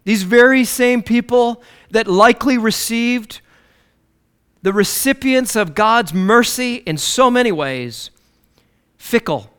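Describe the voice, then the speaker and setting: A man preaching a sermon, swinging between loud declarations and low, hushed lines. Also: animated, slow pace, clean tone.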